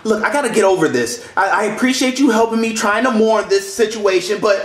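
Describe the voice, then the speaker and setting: Joseph, a whiny, rude kid. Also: male voice, sits high, animated, fairly quick, echoey room, crowd noise. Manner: whiny, calls everyone dude. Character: rude, stubborn young boy.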